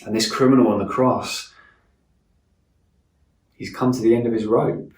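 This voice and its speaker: Low-voiced man preaching in an echoey room. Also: fairly even intonation, distant mic. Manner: earnest, slows and softens for emphasis. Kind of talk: sermon.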